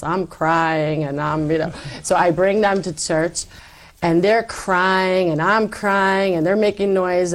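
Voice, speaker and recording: A middle-aged woman giving a personal testimony in conversation, animated, acting out quoted lines. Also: fairly low pitch. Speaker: guest telling her faith story.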